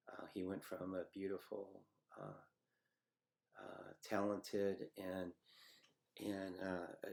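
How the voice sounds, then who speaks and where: A middle-aged man telling a personal memory in a halting, reflective way, with many pauses and fillers. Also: deep voice, a little mellow. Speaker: storyteller recounting a personal memory. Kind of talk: personal testimony.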